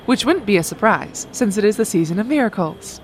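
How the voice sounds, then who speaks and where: A woman playing a proud, vengeful mother who speaks in crisp, sarcastic put-downs. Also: medium pitch, lively intonation, brisk, slight background noise, natural voice. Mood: cutting sarcastic. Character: proud cutting upper-class mother, icy and vengeful. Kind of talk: comedic audio drama acting.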